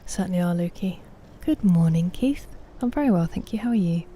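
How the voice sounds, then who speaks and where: Streaming a game, a woman in her thirties rambles off on tangents and laughs while casually talking to her audience. Her voice is lowish, mellow, and expressive, running a little fast over a faint hiss or hum.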